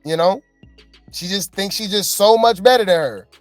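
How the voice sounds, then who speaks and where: A woman's voice: mid-range voice, normal speed, no room sound. Woman reaction host, aave, chatty and opinionated, dry close sound, faint music behind. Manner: chatty, opinionated, addresses viewers directly. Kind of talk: casual reaction commentary.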